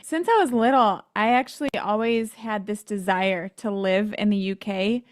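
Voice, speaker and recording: An American woman appears as a podcast guest to share her faith testimony, speaking at a normal speed in a mid-range voice. She tells her story earnestly, gets emotional at times, acts out the voices of people she quotes, and laughs at herself. The recording is dry, with clean studio sound.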